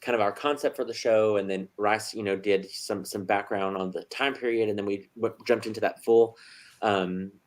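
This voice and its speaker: A man's voice: lowish voice, fairly even intonation, normal speed. A man hosting a casual chat with theatre actors, often chiming in to agree. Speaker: host.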